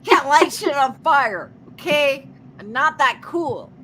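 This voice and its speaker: A woman from Kansas in casual, profane banter, animated with loud outbursts. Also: high voice, takes it slowly, a loud crowd, poor audio. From Kansas, USA.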